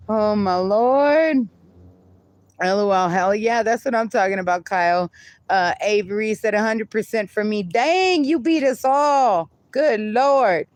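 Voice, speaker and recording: A woman's voice: medium pitch, dry recording. A woman hosting a casual livestream, reading viewer comments aloud with frequent laughs and casual swearing. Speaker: livestream host.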